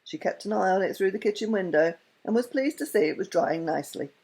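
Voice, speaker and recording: Expressive woman reading a storybook. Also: medium pitch, fast, husky. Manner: expressive, lilting delivery.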